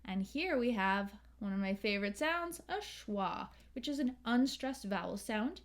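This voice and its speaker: An American woman teaching English pronunciation, slowly and carefully modeling sounds and words. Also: medium pitch, lively intonation. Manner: slow, careful, models sounds and sings lines. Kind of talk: pronunciation lesson with sung examples.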